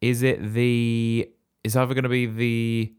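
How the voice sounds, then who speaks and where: A man, co-hosting a casual chat, excitable and given to wild guesses and sudden high exclamations. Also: a little slow, clear, resonant tone. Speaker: podcast co-host.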